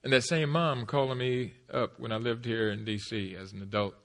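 Bright-voiced middle-aged man telling his story. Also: mid-range voice, steady tone, normal speed. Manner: emphatic, swings between hushed and loud. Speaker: motivational speaker. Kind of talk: personal story speech to an audience.

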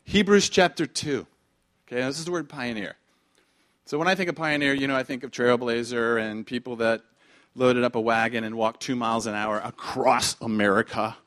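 A man preaching a sermon in a conversational way, full of rhetorical questions and repetition, swinging from quiet asides to shouted emphasis. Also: mid-range voice, steady tone, normal speed. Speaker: pastor.

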